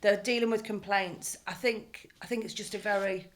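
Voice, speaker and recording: A woman speaking as a guest in a business interview, chatty and animated, telling stories with a self-deprecating streak. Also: mid-range voice, normal speed. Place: room with an audience.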